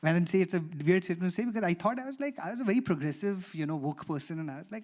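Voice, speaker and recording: A man from India with an Indian English accent, telling a personal story as a conference panelist, lively and acting out the dialogue. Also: high-pitched, rapid-fire, hardly any pauses. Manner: animated, acts out dialogue in his stories.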